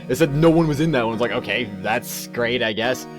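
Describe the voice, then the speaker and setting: A man's voice: mid-range voice, brisk, soft background music. A man hosting a let's play, chatting casually in a rambling, self-correcting way. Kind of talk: casual gaming commentary.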